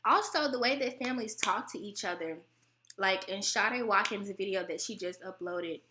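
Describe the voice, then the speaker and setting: A young American woman hosts her own channel, chatting casually to the camera at a normal speed. She's animated, laughs often, and mimics relatives in high voices, and her voice sounds close to tears even though she isn't upset.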